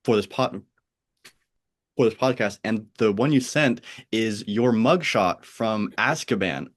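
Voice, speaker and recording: American male podcast host, flat accent, halting, restarts often, laughs easily. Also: lowish voice. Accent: General American. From United States (Pennsylvania, Oregon). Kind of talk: casual chat.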